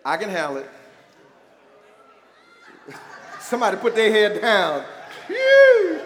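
A man's voice: high voice, animated, measured pace, fairly bright tone, a faint crowd, slight background noise. A man preaching a sermon as pastor, emphatic and conversational, calling on the congregation to respond. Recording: echoey church hall.

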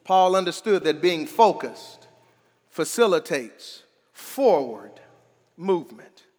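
A man preaching a sermon as pastor, calling on the congregation to answer back and swinging between quiet talk and shouting. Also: on the high side, very animated, slow pace, long reverb tail.

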